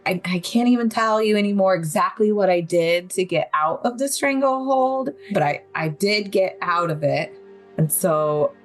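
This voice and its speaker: A woman's voice: medium pitch, moderate pace, soft background music. A young adult woman, a podcast guest, telling her survival story in vivid, candid detail with occasional nervous laughs. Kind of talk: personal story in an interview.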